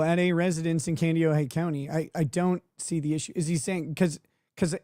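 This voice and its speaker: A man's voice: fairly high pitch, flat delivery, fairly quick, warm tone, dry recording, studio quality. A man hosting a livestream, talking casually and sarcastically and laughing often. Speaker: livestream host.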